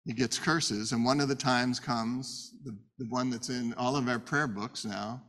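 Male Torah teacher, lively storyteller, rhetorical questions, casual lesson style, medium pitch. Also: a little slow, hardly any pauses. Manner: animated, conversational, rhetorical questions.

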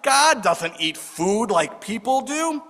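A man voicing a scornful, angry old rabbi who shouts in indignation. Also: high voice, big pitch swings, slow pace, soft background music, pitched above the performer's own voice, full character voice. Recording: long hall reverb.

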